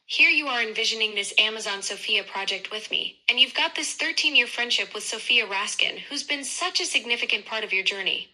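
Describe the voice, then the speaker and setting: A woman's voice: fairly high pitch, expressive, a little fast, few pauses, bright, forceful tone, rough recording. A synthetic woman's voice of a chatty voice assistant, upbeat and effusive in her replies.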